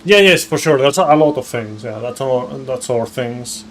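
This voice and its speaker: A man's voice: mid-range voice, lively intonation, moderate pace. A man streaming a video game, chatting casually in a rambling way with many fillers and casual swearing. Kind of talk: casual live-stream chat while playing. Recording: game music behind voice.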